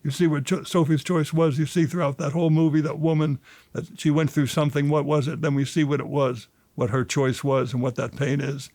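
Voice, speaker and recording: A man's voice: a little fast, dry recording. A man in his seventies, an actor and author, telling stories in an interview and getting emotional as he talks. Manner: emotional, rises in pitch when excited. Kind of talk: animated storytelling interview.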